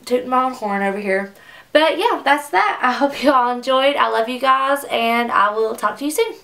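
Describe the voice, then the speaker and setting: This young woman, a beauty vlogger, reviews makeup at home in her makeup room in a casual, gushing, chatty way, peppered with "like." Her high-pitched voice is pushed and bright at a moderate pace, and she's far from the mic.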